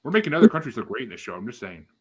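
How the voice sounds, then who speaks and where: Guy hosting a podcast, reads out matchups, swears a lot, lively voice. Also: medium pitch, rapid-fire. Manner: swears freely, dry asides. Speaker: podcast host. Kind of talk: casual podcast banter, reading out bracket matchups.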